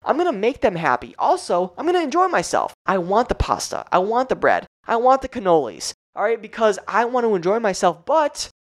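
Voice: mid-range voice, huge pitch swings, fairly quick, few pauses. A fitness coach leading a live training session for clients, talking straight to viewers with energy, blunt encouragement and casual swearing. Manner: direct address to viewers, frequent "all right?" check-ins.

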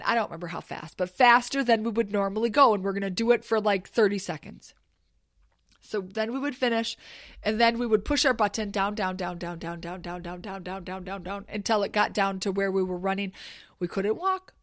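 Animated storytelling woman, dry close sound. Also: a little high, no echo. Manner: animated, swears freely, acts out yelled quotes. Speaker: storyteller host. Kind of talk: casual storytelling monologue.

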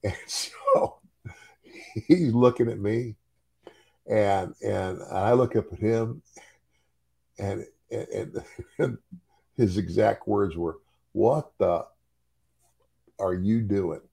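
A man's voice: on the low side, slow pace, creaky, pauses often, mellow, breathy edge. An older man and former wrestler telling a story in casual chat, chuckling often and repeating words as he goes.

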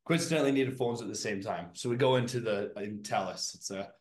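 A man's voice: on the low side, brisk. Man hosting, roomy sound. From Canada. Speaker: podcast host. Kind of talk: casual interview chat. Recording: roomy echo.

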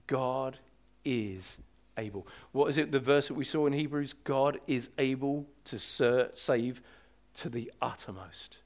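A man preaching a sermon as pastor, emphatic and urgent, slowing to draw out key words for weight. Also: mid-range voice.

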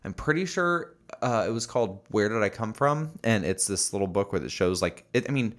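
A man's voice: on the low side, lively intonation, brisk. A young man casually telling a story on a podcast, with many fillers and laughs. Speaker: podcast co-host. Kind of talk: casual chat.

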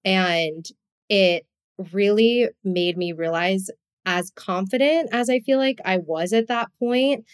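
A woman podcast host with a New Jersey accent, talking in a casual, heartfelt and expressive way, often saying "like". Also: mid-range voice, takes it slowly, clear, resonant tone. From US East Coast. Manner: expressive, heartfelt, frequent "like" fillers.

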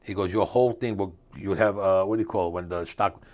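An older man telling a story as an interview guest, in a streetwise way with rough grammar, acting out the voices of the people he quotes. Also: low-pitched, steady tone, fast.

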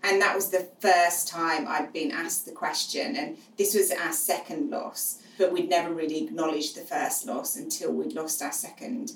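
A middle-aged woman, a guest on the show, telling her experience frankly and finding humour in dark moments. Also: deep voice, steady tone, normal speed, hardly any pauses. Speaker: guest, charity co-founder. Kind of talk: candid storytelling in conversation. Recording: roomy, distant mic with faint noise.

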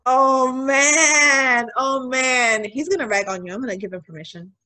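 A woman's voice: sits high, a little slow. Young woman cohosting a podcast, chatty and loose, lots of um and like. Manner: chatty, animated storytelling with many fillers. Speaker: podcast co-host. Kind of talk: casual chat.

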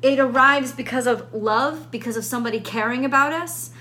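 A woman's voice: high-pitched, fairly quick, bright, forceful tone. A woman reading tarot cards in a casual, unscripted way, thinking aloud and often repeating her questions. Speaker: tarot reader.

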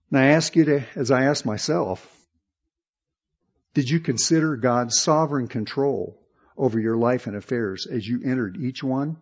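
Emphatic male preacher, husky lo-fi sound. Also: mid-range voice, normal speed. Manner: emphatic preaching with rising intensity and rhetorical questions. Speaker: pastor. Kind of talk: sermon.

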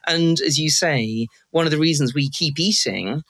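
A woman's voice: sits low, normal speed, no room sound. A British woman chatting as a guest on a podcast, effusive and full of fillers, talking from London. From Britain. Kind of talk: casual podcast chat.

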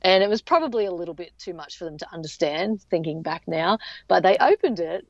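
A woman's voice: fairly low pitch, lively intonation, brisk, no room sound. A woman, telling her story as an interview guest in a chatty way full of fillers and restarts. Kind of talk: casual storytelling. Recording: dull lo-fi sound.

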